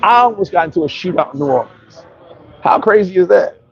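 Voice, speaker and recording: A man's voice: high voice, lively intonation, fairly quick, highs cut off. A man from New York telling brash, profane stories in a casual storytelling monologue as a vlogger.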